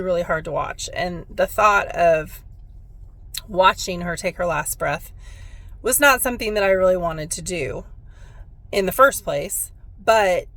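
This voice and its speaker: A woman's voice: on the low side, a bit bright. A woman who works as a spiritual medium, telling a personal story in a heartfelt, reflective way on her vlog.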